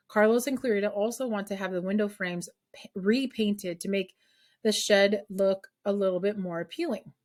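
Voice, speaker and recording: Speaking at a medium pitch, a woman walks her class through a math problem step by step. Her explanation is chatty, and she frequently checks that the students are keeping up.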